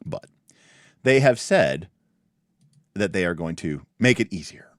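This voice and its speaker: A man with a low voice that swings widely in pitch, hosting a casual livestream about tabletop games. He talks in bursts, circling back with restarts and asides. The sound is dry and close, with little room around it. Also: measured pace, no room sound. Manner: animated, many restarts and asides. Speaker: livestream host. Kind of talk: casual chat reviewing a tabletop game.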